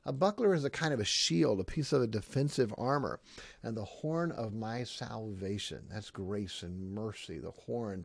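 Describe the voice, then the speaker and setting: A male pastor giving a sermon, repeating key phrases with emphasis, swinging from loud to hushed and pausing on ums and uhs. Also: on the low side, creaky, dry recording.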